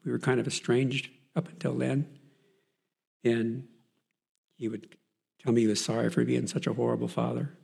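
A man shares his Christian testimony in an earnest, storytelling way, often pausing on fillers and restarting his sentences. His voice sits at an ordinary pitch but has a gravelly edge and a husky texture. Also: little pitch movement, a little mellow. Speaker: person giving a Christian testimony. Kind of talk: personal faith testimony.

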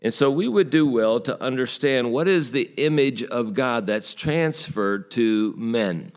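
A man's voice: mid-range voice, lively intonation, unhurried. A male pastor preaching a sermon earnestly, teaching through rhetorical questions.

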